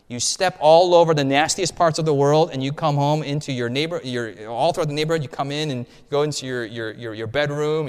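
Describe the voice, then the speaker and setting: A man preaching with lively, colloquial emphasis as he acts out scenes for his congregation. His voice sits at a medium pitch. It carries the long reverb of a church sanctuary. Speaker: pastor. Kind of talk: sermon.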